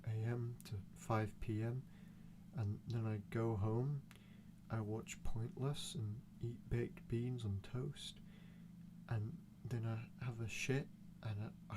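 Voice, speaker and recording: A man voicing a dull, humdrum British shop worker who flatly recites his daily routine. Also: medium pitch, noisy background, close to an everyday voice.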